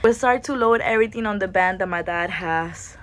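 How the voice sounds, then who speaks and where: Young female vlogger, casual storytime delivery, animated, voices the people in her story, mid-range pitch. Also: brisk. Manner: animated retelling with quoted dialogue and laughs. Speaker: travel vlogger.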